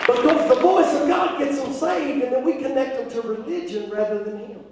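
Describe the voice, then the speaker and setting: High-voiced preacher in an echoey church. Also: male voice, moderate pace, a faint crowd. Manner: fervent preaching, rising to shouts. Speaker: pastor. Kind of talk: sermon. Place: church sanctuary. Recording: echoey church hall from far off.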